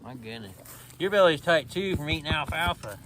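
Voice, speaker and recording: A man, talking casually while doing farm chores and calling loudly to his animals. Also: on the high side, lively intonation, fairly quick, noisy background. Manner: calls loudly to animals, chatty and laughing. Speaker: farm vlogger. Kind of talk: casual farm vlog narration. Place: outdoors on a farm.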